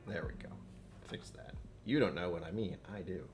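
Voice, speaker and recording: A man's voice: lowish voice, fast. A man hosting a casual livestream, chatting with viewers and muttering to himself while he fixes his settings. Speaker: livestream host. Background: faint background music.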